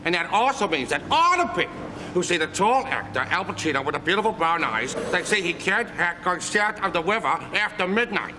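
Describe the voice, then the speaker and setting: A man's voice: high voice, big pitch swings, brisk, big-room sound, background noise, pitched above the performer's own voice. A man playing a vain, argumentative male American film star who keeps objecting to his lines. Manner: self-important, argumentative.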